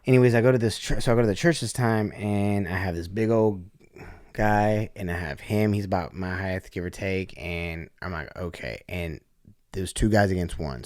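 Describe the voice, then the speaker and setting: Blunt, profane man with a low voice. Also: darkish tone, no room sound, clean studio sound. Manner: blunt, profane, heavy use of "like". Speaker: podcast guest. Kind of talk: casual storytelling.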